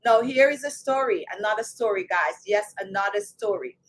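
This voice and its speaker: A woman with a Jamaican accent talking casually to her viewers, chatty and animated, often speaking to them directly. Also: medium pitch, normal speed, poor audio. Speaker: beauty channel host. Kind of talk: casual talk to camera.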